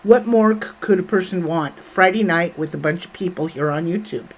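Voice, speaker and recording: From home, a livestream host with a fairly low voice talks at normal speed. Her casual stream involves greeting viewers in the chat by name and addressing them as sweetheart and honey.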